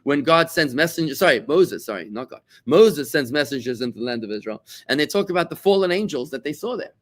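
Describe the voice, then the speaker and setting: A middle-aged man leads a Torah class as a rabbi. He talks in an animated, conversational way, often restarting and repeating words, and slips into quoted voices to act out his examples. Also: a little high, fast talker. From South Africa.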